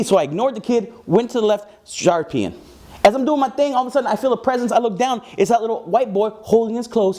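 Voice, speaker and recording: A man performing a stand-up comedy set, telling an animated story with big swings in his voice. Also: high-pitched.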